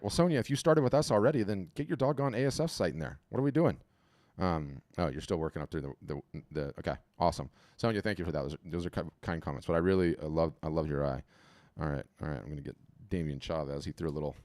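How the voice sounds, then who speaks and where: A low-voiced man hosts a live webinar over a video call from home, his mic close and dry. He talks in an animated, chatty flow, often repeating himself and restarting sentences as he gives his feedback on the fly. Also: fast, dry recording. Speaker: webinar host auditing artist profiles. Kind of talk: casual live webinar commentary.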